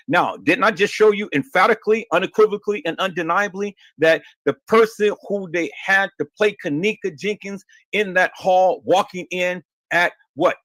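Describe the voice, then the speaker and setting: A man's voice: high voice, a bit bright, no room sound. A man hosting a livestream and answering viewer questions, emphatic and insistent, often stammering and repeating words. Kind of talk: heated livestream talk.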